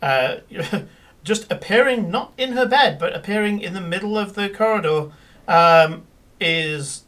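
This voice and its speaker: A man's voice: high-pitched, expressive, measured pace, a bit bright, recorded from a distance. A man running a tabletop game as game master, narrating scenes with many fillers and restarts.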